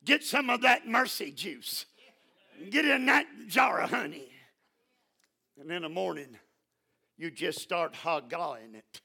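Male preacher, bright gravelly voice with a husky edge, fervent delivery. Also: high voice. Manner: rises into shouting, fervent. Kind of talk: sermon. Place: church.

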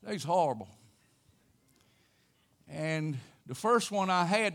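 An older man preaching a sermon, telling a personal story in a folksy way with sudden loud exclamations. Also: sits high, expressive, a little slow. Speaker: pastor.

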